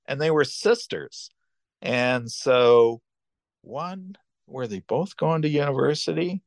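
A man's voice: a little high, slow pace, no echo. An older man, casually telling rambling personal travel stories as a podcast host, full of restarts and asides. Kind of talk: casual storytelling.

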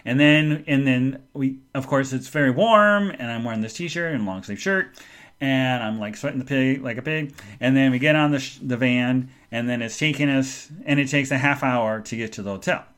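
A man's voice: medium pitch, normal speed, a bit bright, clear, resonant tone. A man hosting a podcast, telling a long casual story in a chatty, rambling way and acting out the voices he quotes. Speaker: podcast host.

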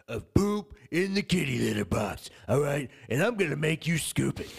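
A young man co-hosting a casual comedy podcast, deadpan and stubborn, dragging out his jokes. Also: fairly high pitch, normal speed, gravelly, hardly any pauses, breathy edge. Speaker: podcast co-host.

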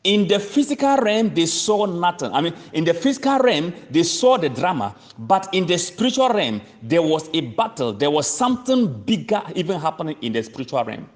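A man preaching in a large hall whose long reverb trails after each phrase. His voice sits fairly high and swings widely in pitch as he leans on key words. He speaks slowly and deliberately, repeating lines for emphasis and calling his listeners friends. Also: sing-song. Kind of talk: sermon.

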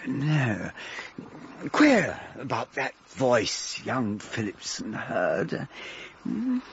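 An actor playing an earnest young gentleman who narrates a vintage radio drama, deliberate and questioning. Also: medium pitch, huge pitch swings, vocal fry, full character voice. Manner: slow, deliberate, puzzled questioning. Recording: dull old radio recording with faint hiss.

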